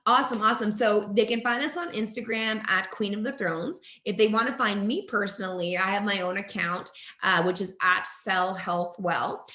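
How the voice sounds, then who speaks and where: A woman's voice: medium pitch, normal speed, hardly any pauses, pushed and bright, reverberant. A woman in her forties, a naturopathic doctor and guest, talking with enthusiasm in an interview and often restarting her sentences. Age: 40s. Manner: enthusiastic, talkative, frequent restarts and laughs. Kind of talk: conversational interview.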